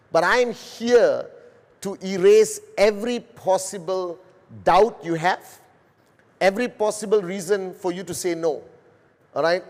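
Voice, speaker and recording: A middle-aged man from Malaysia delivers a sales presentation for a global broadcast. He speaks slowly and deliberately, in a fairly high voice. A long reverb trails after his words, as if in a large hall. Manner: slow, deliberate, addressing a global audience. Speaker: business presenter.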